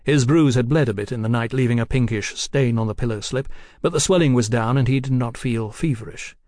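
A man's voice: medium pitch, dry recording. Man narrating a novel, dry close sound. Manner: measured, even storytelling. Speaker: audiobook narrator. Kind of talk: scripted narration.

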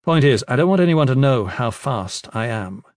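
A man voicing a steady, wry adult male leader in an audiobook, speaking calmly and firmly. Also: mid-range voice, normal speed, no echo, clean studio sound, natural voice. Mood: brisk. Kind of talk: audiobook character voice.

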